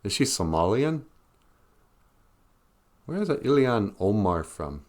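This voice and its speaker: In a slow, sing-song delivery, a male podcast host wanders through a solo monologue. He chuckles often and puts on high, mocking voices for the people he quotes.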